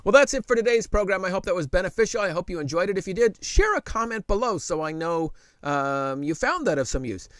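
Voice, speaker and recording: A middle-aged man hosting a casual tech tutorial, relaxed and conversational, with frequent fillers and restarts. He slows down to speak very deliberately when he demonstrates dictation. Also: sits high, no room sound.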